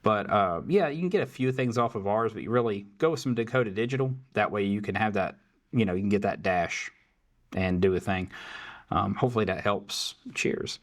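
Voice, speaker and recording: A man's voice: on the low side, fairly quick. A man hosting a casual tech Q&A, answering viewer questions in a loose, chatty way full of fillers. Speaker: tech support host. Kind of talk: casual Q&A livestream.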